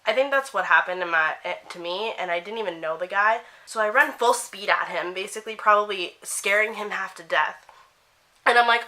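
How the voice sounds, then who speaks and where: A young woman from Canada telling a story to camera, animated, acting out the quotes and saying "like" a lot. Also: mid-range voice, a little fast, poor audio. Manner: animated, acts out quotes, heavy use of "like". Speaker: vlogger. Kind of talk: chatty storytelling while getting ready.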